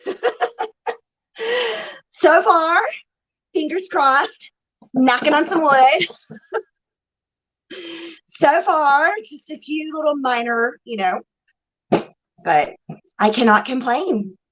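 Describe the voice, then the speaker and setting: A woman hosts a relaxed livestream, her voice high and bright. She talks slowly, laughs easily and greets each viewer by name. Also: rough recording. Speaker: livestream host, psychic reader. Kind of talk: casual livestream chat.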